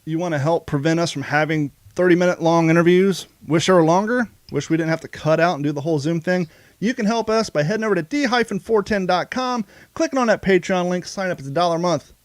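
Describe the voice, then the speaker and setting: A man's voice: high-pitched, fast talker, no room sound, studio quality. A man co-hosting a podcast, talking casually and rambling with frequent restarts. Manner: rambling, self-interrupting. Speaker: podcast co-host.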